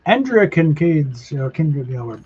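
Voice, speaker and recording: A man's voice: a little high, sing-song, normal speed, a little mellow, breathy edge, highs cut off. A laid-back man chatting casually while gaming, now and then swearing at the game.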